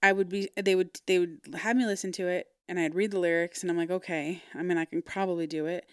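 A woman's voice: on the low side, fast, smooth, no room sound, clean studio sound. Blunt, sweary woman telling a story. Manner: blunt, swears freely, animated when frustrated. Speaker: podcast guest. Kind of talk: casual storytelling interview.

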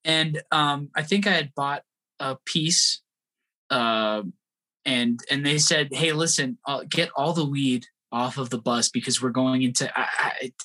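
Bright-voiced man telling a tour story. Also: medium pitch, unhurried. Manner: animated, acts out quoted voices, laughs often. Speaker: guest musician. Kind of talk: casual storytelling.

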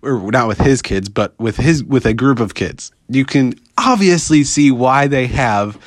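A man's voice: medium pitch, animated, unhurried, no room sound, clean studio sound. A man from the United States giving a casual, sarcastic political rant, laughing often and breaking off mid-sentence.

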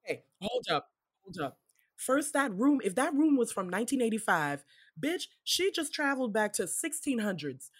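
Animated woman co-host, casual film recap, pitch swings all over, salty language. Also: moderate pace, breathy edge. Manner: animated, swearing, laughing, acting out reactions. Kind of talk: casual chat recapping a movie.

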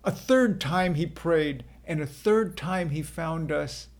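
A man narrating a dramatic first-person scripture reading in a slow, earnest storytelling manner. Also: fairly high pitch.

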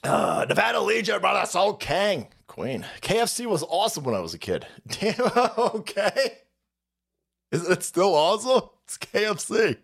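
A man's voice: high-pitched, sing-song, moderate pace, gravelly, a bit bright. A man hosting a livestream, ranting crudely and mockingly about the news and reading chat messages aloud. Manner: crude, mocking, puts on voices for quotes. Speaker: livestream host. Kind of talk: profane political rant stream.

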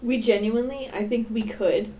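A woman's voice: fairly high pitch, fairly even intonation, normal speed, dark tone, a little hiss or hum, poor audio. A young woman co-hosting a casual podcast, joking and laughing often. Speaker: podcast co-host. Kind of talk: casual chat.

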